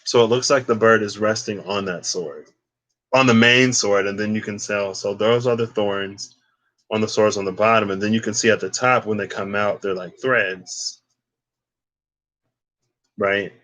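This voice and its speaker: A man's voice: lowish voice, steady tone, normal speed, a bit bright. A man giving a casual, rambling tarot card reading, curious and chatty, wandering off on tangents. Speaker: tarot reader.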